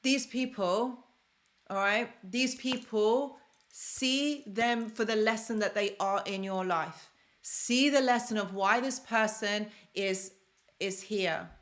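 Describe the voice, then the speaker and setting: On her casual self-help live stream, a young London woman answers viewer comments, chatting and repeating phrases to underline them. She talks at a slow pace in a mid-range voice that's a bit bright.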